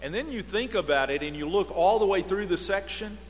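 A man preaching a sermon, moving from loud emphatic scripture reading down to hushed, near-whispered passages. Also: sits high, animated, a little fast, in a large hall. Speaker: pastor.

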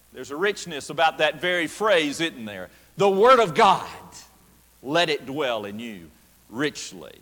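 A male pastor delivers a sermon with emphatic, deliberate phrasing, drawing out the quoted lines. His voice sits fairly high for a man. The sound carries a long reverb from a church hall. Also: very animated, fairly bright tone. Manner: emphatic preaching with slow stressed quotations. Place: church sanctuary.

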